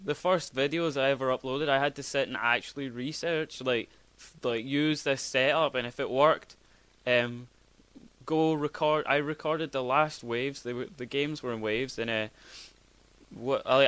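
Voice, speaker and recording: A man's voice: medium pitch, fairly even intonation, normal speed, fairly bright tone, clean tone. A young man as a podcast guest, talking casually in a rambling, hesitant way with many restarts. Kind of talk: casual chat.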